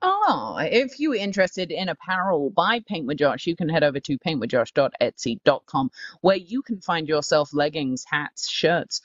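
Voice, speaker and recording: A woman's voice: fairly low pitch, no room sound. Playful woman with dull lo-fi sound. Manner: playful, teasing, quick sales patter. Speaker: co-host promoting merch. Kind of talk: casual livestream chat.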